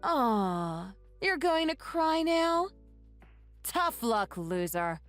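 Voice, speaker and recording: A woman's voice: a little high, very animated, brisk, faint music behind. A woman voicing a wronged young bride-to-be who speaks firmly and scornfully to her old tormentor. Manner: firm, scornful.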